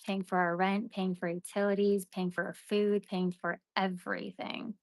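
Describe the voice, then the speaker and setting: A woman's voice: medium pitch, little pitch movement, moderate pace, no echo. A young woman chatting casually and venting to her live-stream viewers, with "like" and "you know" running through her talk. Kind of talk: casual rambling chat to viewers.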